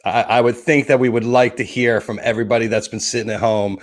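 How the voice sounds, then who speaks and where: A man's voice: mid-range voice, fairly even intonation, quick pace. Rambling Jersey-accented man hosting. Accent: New Jersey. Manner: rambling, enthusiastic, frequent restarts. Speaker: host. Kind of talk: casual interview chat.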